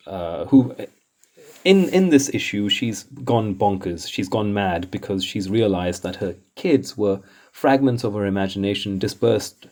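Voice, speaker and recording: A man's voice: on the low side, warm tone. A man hosting comics commentary in a casual, rambling way, exasperated and chuckling often.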